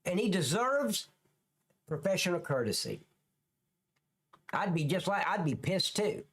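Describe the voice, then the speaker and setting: A man's voice: high-pitched, big pitch swings, measured pace, long pauses, a bit bright, slightly rough. A man ranting profanely and scornfully as a live-stream commentator, reacting to police clips.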